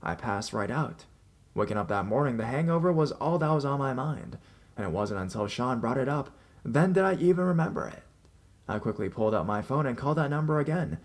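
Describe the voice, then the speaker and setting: A man reading a first-person horror story aloud, telling it in an expressive way with small restarts. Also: mid-range voice.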